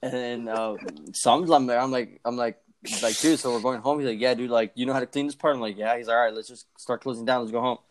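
Young male podcast co-host, rapid casual storyteller, profane, mimics others. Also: mid-range voice, fairly even intonation. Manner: fast, profane, acts out quoted voices.

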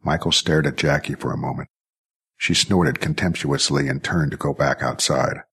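Guy narrating a sci-fi story, super low voice, kinda husky. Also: normal speed. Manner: steady, even storytelling. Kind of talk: scripted audiobook narration.

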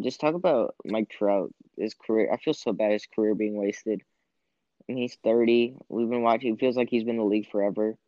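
A man's voice: fairly low pitch, warm tone, no room sound, lo-fi sound. A man giving confident, opinionated takes on baseball in casual chat.

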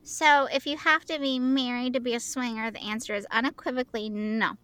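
A woman's voice: on the high side, steady tone, a little fast, sharp tone, smooth. A woman co-hosting a podcast, chatting casually and playfully, often joking and slipping into silly voices. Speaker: podcast co-host. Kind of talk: casual chat.

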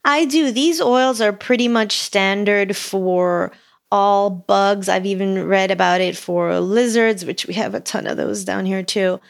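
A woman co-hosting a podcast, upbeat and animated in casual conversation. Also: medium pitch, unhurried, creaky. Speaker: podcast co-host. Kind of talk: casual chat.

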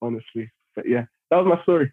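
A man's voice: mid-range voice, quick pace. Man telling stories, phone-like sound. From London, England. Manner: animated, acts out other people's lines while telling stories. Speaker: podcast guest. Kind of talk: casual storytelling chat.

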